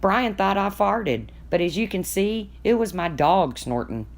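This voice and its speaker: A woman's voice: mid-range voice, expressive, unhurried. A woman hosting a casual live stream from home, gossiping with viewers and talking to her pets in between.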